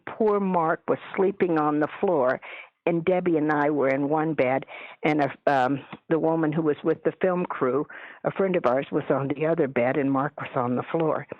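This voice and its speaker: A woman telling stories as a guest in a radio interview, chatty and animated, acting out what people said. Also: low-pitched, no echo. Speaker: guest, paranormal author. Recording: dull lo-fi radio audio.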